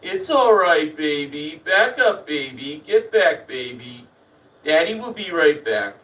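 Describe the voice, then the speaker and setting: A man doing a big burly guy yelling. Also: a little high, big pitch swings, takes it slowly, distant mic, heavily acted, poor audio. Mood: cooing. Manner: cooing baby talk turning to panicked cursing yells. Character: big burly ex-football player man, frightened and furious.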